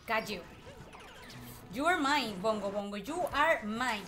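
A woman streaming a video game, excitedly chatting to the enemies she fights and repeating herself when frustrated, with game music faintly behind her. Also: on the high side, unhurried. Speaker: gameplay streamer. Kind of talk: live gameplay commentary.

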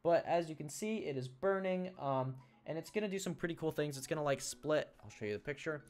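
A man's voice: a little high, expressive, a little fast, darkish tone. A teenage boy streaming a game, chatting casually with viewers and thinking aloud as he plays. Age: teens. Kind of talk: casual live-stream chat. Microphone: desk mic he must face toward.

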